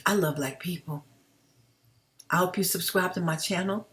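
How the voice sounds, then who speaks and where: A woman's voice: on the low side, moderate pace, fairly bright tone. A woman, talking straight to her viewers as "family" in an impassioned commentary vlog. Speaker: YouTube commentator. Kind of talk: direct-to-camera commentary vlog.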